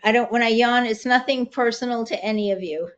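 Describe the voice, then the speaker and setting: A woman's voice: a little high, fairly quick, lo-fi sound. A woman moderating an online support group, speaking in a friendly, encouraging way while sounding tired. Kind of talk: casual video call chat. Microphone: video call.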